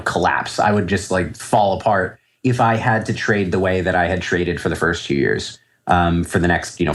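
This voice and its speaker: A deep-voiced man talks through his trading habits, circling back and restarting his thoughts as he goes. He sounds reflective and unhurried in a podcast conversation. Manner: reflective, rambling with many fillers and restarts. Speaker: trader guest. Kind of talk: podcast interview answers.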